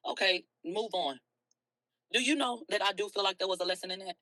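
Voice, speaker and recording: Livestream host, a woman with a bright voice and a dry close sound, speaking in a blunt, profane rant. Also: mid-range voice, fairly quick, no echo, poor audio. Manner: blunt, profane, swings from soft to loud. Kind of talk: emotional early-morning livestream rant.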